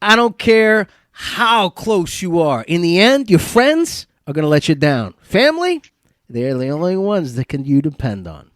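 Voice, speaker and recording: A podcast host putting on an exaggerated Italian-American accent to play a gruff mobster man in a comedy bit. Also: a little high, big pitch swings, moderate pace, few pauses, a bit bright, no echo, clean studio sound. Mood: mock-tough. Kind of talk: comedic impression.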